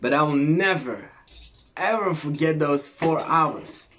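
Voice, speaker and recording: Young man from Greece, casual vlog storyteller, slow delivery, profane and slangy. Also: a little high, slight background noise. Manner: animated, swears a lot, slangy. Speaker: vlogger.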